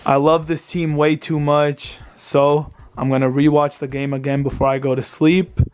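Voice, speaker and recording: A man's voice: on the high side, flat delivery, moderate pace, darkish tone, soft background music. A man in his twenties venting in an exasperated, self-pitying rant about his team losing, filmed at home late at night. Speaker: vlogger. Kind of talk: venting sports reaction vlog.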